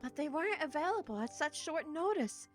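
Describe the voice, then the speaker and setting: A woman's voice: sits high, expressive, brisk, soft background music, voice pushed up. A woman voicing a young noble cat lady prisoner who speaks in a sweet, polite, courtly manner. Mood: genteel.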